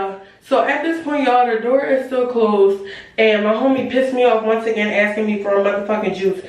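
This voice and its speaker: A teenage girl telling a story to her viewers in a lively, profane, chatty way, talking straight to the audience as y'all. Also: on the high side. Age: late teens. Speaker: storytime vlogger. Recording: very echoey room, voice far from the mic.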